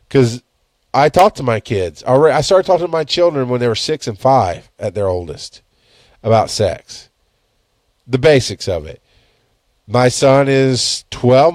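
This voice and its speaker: A man's voice: medium pitch, a little mellow, no room sound, studio quality. A man in his thirties hosting a casual solo podcast, talking bluntly with lots of swearing and rambling self-corrections. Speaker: podcast host. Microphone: headphones and studio mic.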